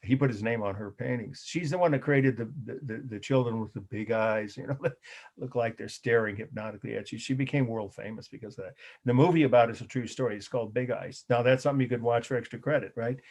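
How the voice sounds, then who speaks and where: A man's voice: mid-range voice, fast, a little mellow. A middle-aged man teaching a college art history class, talking loosely to students and correcting himself as he goes. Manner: rambling, self-correcting, conversational. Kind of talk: live class lecture.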